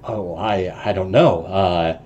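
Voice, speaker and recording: A man playing a nervous, deferential house servant with a lowish voice, stumbling over his words and answering politely to every question. He keeps his speech formal and halting, full of hesitations, as in a tabletop role-playing game. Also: darkish tone, highs cut off, a little hiss or hum. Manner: hesitant, formal, many "uh"s and "sir"s. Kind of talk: voicing a character in a tabletop game.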